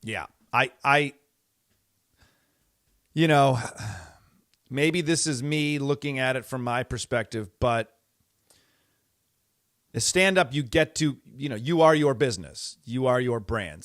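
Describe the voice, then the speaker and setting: A man's voice: medium pitch, fairly bright tone, dry recording, clean studio sound. A middle-aged man hosting a podcast, talking in a rambling, exasperated way with many fillers and restarts. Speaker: podcast host. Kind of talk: casual monologue.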